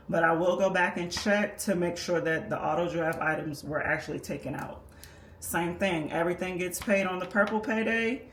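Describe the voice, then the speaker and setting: Lady calmly explaining her budget setup step by step, roomy echo, bit of faint hum behind. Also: lowish voice. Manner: patient, methodical explaining while working on paper. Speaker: personal finance creator. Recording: echoey room with faint background noise.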